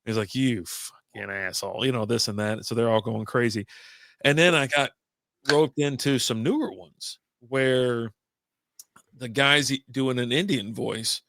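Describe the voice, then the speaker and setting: A man co-hosting a relaxed podcast over beers, spinning loose, rambling anecdotes and laughing as he goes. His voice sits at an ordinary middle pitch, and the sound is dry and close to the mic. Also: a little slow, no room sound. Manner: rambling storyteller, laughs often, swears. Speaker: podcast co-host. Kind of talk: casual beer-drinking chat.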